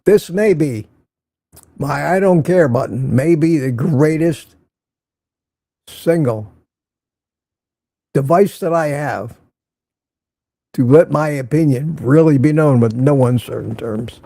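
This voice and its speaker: A man's voice: a little high, takes it slowly, gravelly, long pauses, dark tone, dry recording. An older man hosting a casual morning livestream, greeting viewers by name and rambling sarcastically. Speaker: livestream host.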